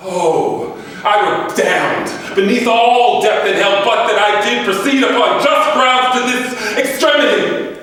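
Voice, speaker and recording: An actor playing a jealous, tormented general, declaiming verse on a stage in a live theatre performance. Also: male voice, sits high, a little slow, sharp tone. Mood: wrathful. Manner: declaims verse, swinging between anguish and rage. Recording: echoey theatre, mic far from stage.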